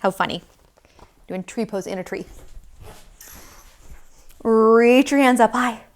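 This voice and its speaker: A woman's voice: fairly high pitch, slow. A young woman teaching yoga to young children in a sing-song, encouraging way. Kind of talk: leading a kids' yoga class.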